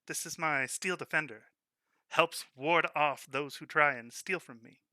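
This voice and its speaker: Brief: a man playing a brash gnome shopkeeper, bright, loud, hard-selling, over a voice call. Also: fairly high pitch, unhurried, no room sound, clean studio sound. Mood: salesy. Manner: loud boastful sales patter. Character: pushy fast-talking male gnome shopkeeper. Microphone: online voice call.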